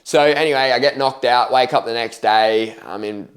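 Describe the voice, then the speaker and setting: A man's voice: medium pitch, moderate pace. A young man casually telling his own story to camera, candid and slangy, swearing freely and acting out his past reactions.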